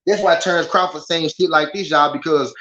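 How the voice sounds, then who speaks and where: Animated Southern man ranting on a livestream. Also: a little high, fairly quick. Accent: Southern American. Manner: animated, repetitive, addresses chat directly. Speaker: boxing livestream host. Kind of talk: casual live commentary. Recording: slightly dull lo-fi stream audio.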